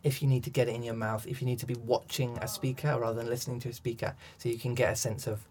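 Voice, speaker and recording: Man, coach, thoughtful, lots of ums and restarts, mid pitch. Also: little pitch movement, quick pace, a little mellow. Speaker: accent coach. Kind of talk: podcast interview answers.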